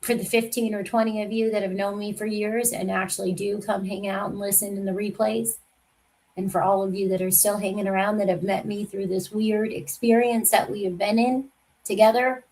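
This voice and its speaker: A woman's voice: mid-range voice, level tone, normal speed, darkish tone, rough recording. A woman hosting a casual true crime livestream, talking in a rambling, confiding way that trails off mid-sentence.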